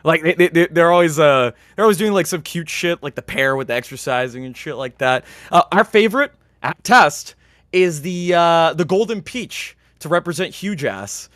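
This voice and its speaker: A man co-hosting a casual livestream, wired and excitable, giggling often as he reads donations. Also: on the high side, moderate pace, dry recording, studio quality. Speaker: stream co-host.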